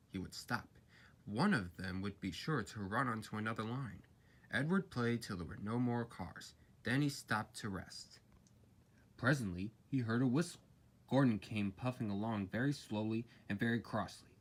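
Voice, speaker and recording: A man reads a children's story aloud in an expressive, storybook way. His pitch moves a lot, and his voice has a slightly husky grain. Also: normal speed.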